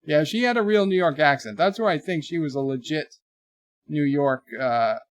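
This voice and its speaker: Chatty male streamer in his forties, slightly high voice, reads out chat messages, dry close sound. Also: normal speed, no room sound. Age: 40s. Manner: chatty, reads viewer messages aloud in a lifted voice. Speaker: livestream host. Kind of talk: casual live commentary, reading viewer chats.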